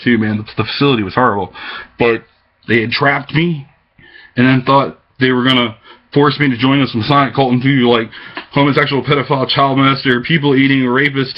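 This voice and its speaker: A man giving an agitated, rambling monologue to his webcam, jumping from topic to topic. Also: medium pitch. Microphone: webcam microphone. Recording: dull lo-fi webcam audio.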